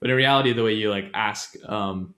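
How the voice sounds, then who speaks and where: A man's voice: on the low side, a little fast, fairly bright tone. A man co-hosting a casual podcast, explaining grammar in a loose, rambling way with many fillers, self-corrections and frequent laughs. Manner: laughs often.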